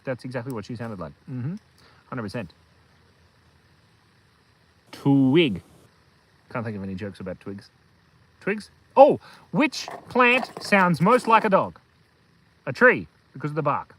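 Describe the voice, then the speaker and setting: A man's voice: mid-range voice, very animated, unhurried, pauses often, a bit bright, low-quality recording. A man hosting a casual live stream from a hilltop outdoors, rambling and telling silly jokes. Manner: goofy, joking, rambling with fillers. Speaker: kids' channel host.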